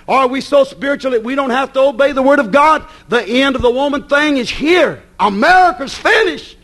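A man preaching a sermon, folksy and scolding, swinging between shouts and low, hushed asides.

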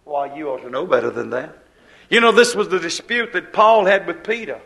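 A man preaching a sermon, acting out prayers and conversations and swinging between loud exclamations and low asides. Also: expressive, a little fast, creaky. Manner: acts out quoted prayers and dialogues.

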